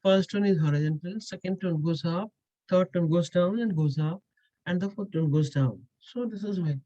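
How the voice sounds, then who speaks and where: A woman teaches a language lesson, walking her listeners through each point with patient repetition and plenty of "uh"s. Her voice is mellow and dark rather than bright. The recording is dry and a little dull, with a lo-fi edge. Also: on the low side, moderate pace, no echo. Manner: patient, repetitive, explaining step by step with frequent "uh". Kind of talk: explanatory lesson with Q&A.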